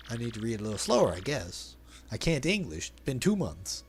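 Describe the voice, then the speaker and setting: A man's voice: medium pitch, very animated, brisk, slight background noise. A man giving casual, jokey asides while playing and dubbing a video game. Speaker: let's play commentator. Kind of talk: casual gameplay commentary.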